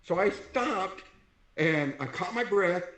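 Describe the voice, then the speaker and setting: A man's voice: high-pitched, slow, roomy sound, low-quality recording. A man who is deaf and wears hearing aids, an interview guest telling a story, acting out the voices of the people in it. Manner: animated, acts out the voices in his story.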